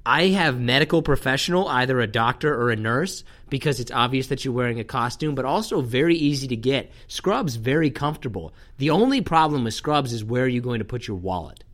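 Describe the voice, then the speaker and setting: A man hosting a relaxed podcast conversation, his voice at an ordinary middle pitch. He talks in a dry, teasing way, poking fun at his co-host. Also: a little fast, few pauses. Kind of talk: casual chat.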